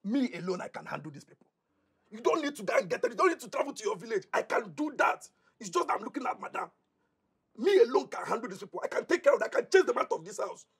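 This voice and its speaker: A confident Nigerian man who vows to protect the household on his own. His voice is very raspy and gravelly, and he talks fast. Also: very high-pitched, big pitch swings, a bit bright, heavily acted. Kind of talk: Nollywood film acting.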